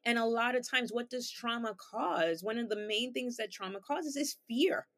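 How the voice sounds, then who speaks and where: A woman's voice: fairly high pitch, moderate pace, fairly bright tone. A woman therapist, a guest on an interview podcast, patiently explaining ideas with everyday examples and rhetorical questions.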